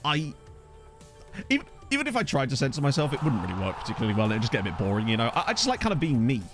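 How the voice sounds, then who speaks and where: Chatty man streaming a game, lively voice. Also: mid-range voice, racing, music in the background. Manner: chatty, self-mocking, laughs often, reads chat aloud. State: hiccuping. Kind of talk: casual live-stream chat over a management game. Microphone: desk USB microphone.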